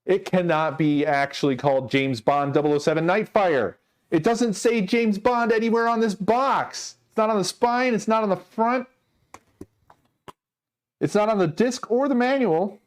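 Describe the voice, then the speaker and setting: A man's voice: high voice, normal speed. A man streaming and chatting casually with his viewers, ranting in mock exasperation while he sorts things. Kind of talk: casual livestream chat.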